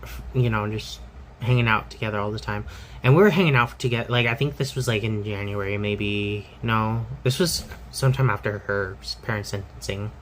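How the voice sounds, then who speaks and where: A man's voice: fairly low pitch, fairly quick, slight background noise, low-quality recording. A man telling a personal story in a candid, rambling way, full of fillers and restarts.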